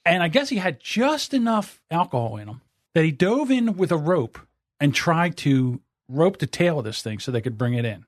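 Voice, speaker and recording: A man co-hosting a podcast, telling a news story in a casual, swearing, animated way. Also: fairly high pitch, moderate pace, no room sound, clean studio sound. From Pennsylvania. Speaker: podcast co-host. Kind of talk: casual chat.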